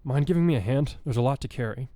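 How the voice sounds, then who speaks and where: A man voicing a kind, earnest teenage boy hero with a gentle, eager manner in a fan story reading. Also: mid-range voice, quick pace, dry recording, voice pushed up, close to an everyday voice.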